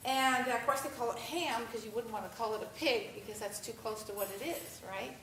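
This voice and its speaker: An American woman giving a talk at an event, telling stories with animated quoted voices, asking for the next slide. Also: a little high, a little fast, a little hiss or hum. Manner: animated storytelling, acts out quotes. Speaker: vegan speaker giving a talk. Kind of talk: conference presentation with slides. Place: event hall at a festival. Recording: echoey hall, distant mic.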